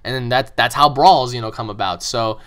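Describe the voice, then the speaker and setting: A man's voice: medium pitch, fairly quick, fairly bright tone. A man hosting his own channel, answering fan questions in a rambling, profane monologue full of repeated words. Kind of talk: casual opinionated monologue.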